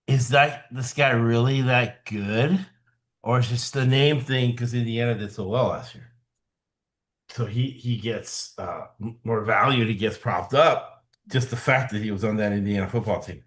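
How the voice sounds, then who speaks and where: A man hosting a sports betting podcast, chatting casually, asking questions and laughing along. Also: mid-range voice. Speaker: podcast host.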